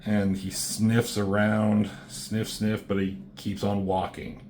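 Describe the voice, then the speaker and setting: A man's voice: on the low side, flat delivery, slow, a little mellow, slight background noise. A man giving a casual, rambling comic book review, swearing often and filling gaps with "um" and "like". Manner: rambling, profane, many fillers. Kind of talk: casual commentary.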